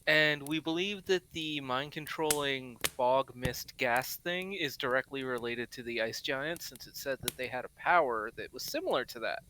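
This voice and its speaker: A man's voice: medium pitch, normal speed, few pauses, bright, forceful tone, a little hiss or hum. A man tabletop player speaking in character with dry, understated humor. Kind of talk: in-character role-play.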